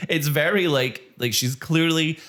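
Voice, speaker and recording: A man co-hosting a podcast, recapping a TV episode in casual, animated chat, swearing and laughing along. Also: fairly high pitch. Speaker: podcast co-host.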